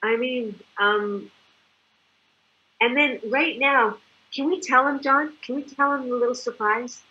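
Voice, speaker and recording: A woman's voice: on the high side, a little slow, dull audio. A woman giving an enthusiastic, chatty sales presentation and acting out examples as she goes. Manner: animated, chatty, acts out examples. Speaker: product distributor presenter. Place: living in Mexico.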